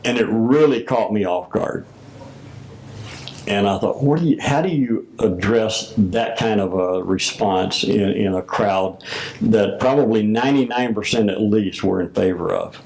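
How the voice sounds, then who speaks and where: An older man with a low voice and a gravelly edge tells his story at an unhurried pace. He recalls old conversations and plays out both sides of each exchange as he goes. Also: darkish tone, poor audio. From United States. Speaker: former Masonic grand master. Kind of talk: oral history recollection.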